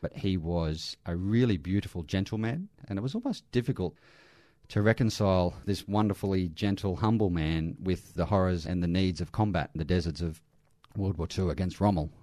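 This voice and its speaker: A middle-aged Australian army veteran who works in aged care recounts earnest stories during an interview, breaking into light laughs and restarting frequently. He speaks at a normal pace in a warm, low-pitched voice with no echo.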